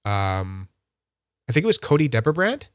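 A man's voice: sing-song, moderate pace, smooth, dry recording. A man hosts a laid-back livestream, chattering with easy enthusiasm. His voice sits mid-range, and the sound is dry and close, with no room around it. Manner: rambling, enthusiastic, puts on high voices for quotes. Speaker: livestream host. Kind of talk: casual livestream chat.

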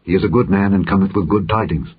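A man's voice: sits low, quick pace, husky. A man voicing an aged king mourning his son, his words breaking and falling to a whisper, in a dull, lo-fi recording. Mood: hopeful. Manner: broken, trailing into a whisper in grief.

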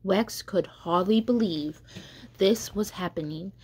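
A woman catechist reading a children's storybook aloud in a gentle, unhurried way. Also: mid-range voice, breathy edge.

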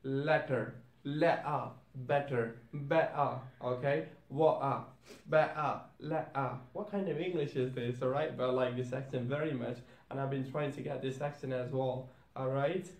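A man's voice: mid-range voice, steady tone, fairly quick, hardly any pauses, darkish tone. Man teaching in an echoey room. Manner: explains, then repeats example words twice, often asks "all right?". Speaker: host. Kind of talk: accent tutorial.

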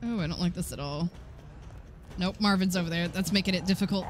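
A young woman giving excitable, swearing let's-play commentary on a horror game, laughing often and chatting with her viewers. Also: on the low side, fairly quick, a little hiss or hum. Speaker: gaming streamer.

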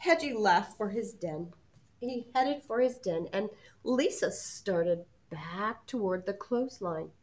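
A preschool teacher reading a storybook aloud to children, asking them questions along the way. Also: female voice, medium pitch, slow. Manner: expressive, asks the children questions. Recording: muffled lo-fi sound.

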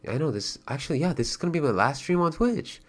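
A man chatting casually as a livestreamer, thanking viewers and donors, swearing freely and getting excited in bursts. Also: on the high side, quick pace.

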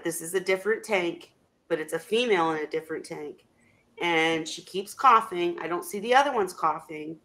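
Woman, host, chatty, rambling, animated, video call. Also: mid-range voice. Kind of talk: casual video chat.

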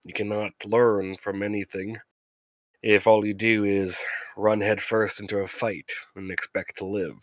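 Low-voiced man running a tabletop game. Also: flat delivery, a little slow, no room sound. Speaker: game master. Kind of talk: tabletop role-play narration and in-character questions.

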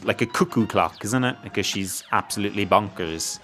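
A man with a fairly low voice talks through a video game as he plays it. He rambles, cracks jokes at his own expense and chats to himself between the action. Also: fairly quick, a bit bright, faint music behind. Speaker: let's play host. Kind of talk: gameplay commentary.

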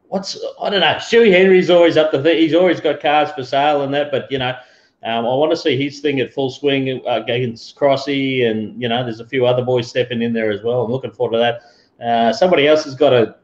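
Laid-back Australian man in a roomy room. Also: medium pitch. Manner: laid-back, matey, rambling. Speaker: show host. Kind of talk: casual live-stream chat. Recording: roomy lo-fi sound.

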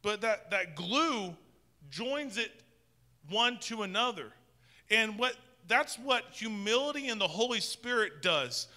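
Bright-voiced pastor preaching in a reverberant hall. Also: male voice, high voice, lively intonation, slow. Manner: conversational preaching with frequent restarts. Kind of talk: sermon. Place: church sanctuary with long reverb.

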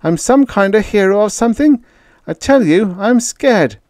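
A man's voice: high-pitched, expressive, moderate pace, darkish tone, no room sound, clean studio sound, voice pushed up. Man doing a panicky young crewman's cry. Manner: choked, bitter, panicky. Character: frightened young male crew member.

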